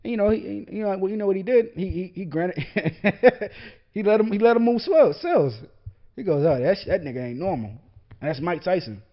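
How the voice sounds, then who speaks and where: Young guy ranting on his podcast, swearing nonstop, laughing, kinda high voice, muffled lo-fi sound. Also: animated, normal speed. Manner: profane, rambling, laughing often. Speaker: podcast host. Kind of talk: casual ranting podcast monologue. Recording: lo-fi dull podcast audio.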